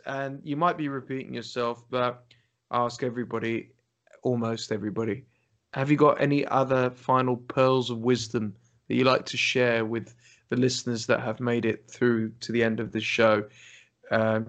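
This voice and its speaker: A man's voice: medium pitch, steady tone, moderate pace, a bit bright. A man hosting a casual interview, encouraging his guest with frequent short affirmations. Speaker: podcast host.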